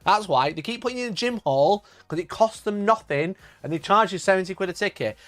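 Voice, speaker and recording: High, lively man ranting on stream. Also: fairly quick, dry recording. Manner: swears a lot, laughs often, rants and reads chat aloud; mock outrage, voice jumps up when worked up. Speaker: livestream host. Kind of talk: casual live stream chat.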